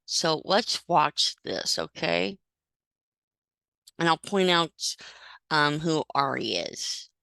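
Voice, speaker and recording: A woman with a low, gravelly voice explains footage in a relaxed, conversational way. She pauses now and then to point things out, dropping in the odd "um". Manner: casual, pauses with fillers. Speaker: legal medicine commentator. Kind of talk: explanatory video commentary.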